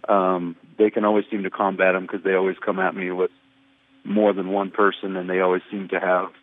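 A man calls in over a thin, tinny phone line, hesitant and searching for the right words. His voice is low and dry. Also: dry recording. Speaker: caller, church leader. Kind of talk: phone-in question.

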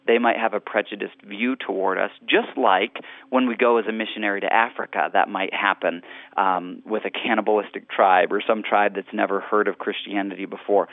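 A man's voice: lowish voice, no echo. A man in his thirties, an author being interviewed on a radio show, speaking in an earnest, preacherly cadence. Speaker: author and guest. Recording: tinny phone line.

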